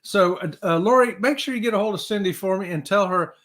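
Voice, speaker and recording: Male livestream host with a high voice; upbeat, chatty, reads viewer comments aloud. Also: fast, a bit bright. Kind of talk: casual livestream chat.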